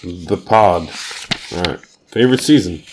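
A man's voice: low voice, lively intonation, a little hiss or hum. A man co-hosting a podcast in casual chat, firing off questions and teasing his partner. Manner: teasing, quick-fire questioning. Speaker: podcast co-host.

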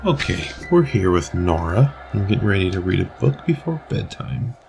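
A father with a very deep voice and a gravelly, fry-edged texture talks with his small child at bedtime at home. He keeps the conversation going with patient, prompting questions. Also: big pitch swings, normal speed, darkish tone, soft background music, rough recording. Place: home, bedroom at night.

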